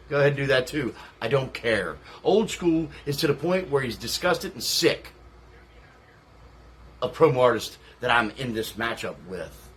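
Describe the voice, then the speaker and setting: A man's voice: medium pitch, a bit bright, husky. A man playing a brash veteran wrestler cutting a profane, taunting trash-talk promo. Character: salty veteran male wrestler, brash and contemptuous.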